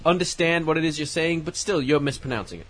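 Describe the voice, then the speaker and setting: A man's voice: fairly high pitch, quick pace, fairly bright tone. A man on a podcast, arguing his point and laughing often. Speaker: podcast co-host. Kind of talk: casual banter.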